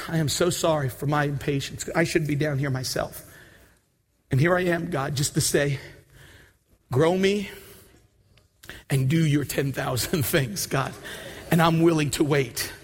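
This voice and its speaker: A pastor preaching a sermon and leading an altar call prayer, pleading and repetitive, building to shouted prayer. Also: male voice, fairly high pitch, breathy edge.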